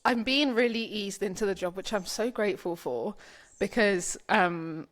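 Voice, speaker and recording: A woman's voice: medium pitch, normal speed. A young woman from the UK hosting a podcast in casual chat, rambling and saying "like" often as she tells stories. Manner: rambling, heavy use of "like", storytelling. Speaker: podcast host.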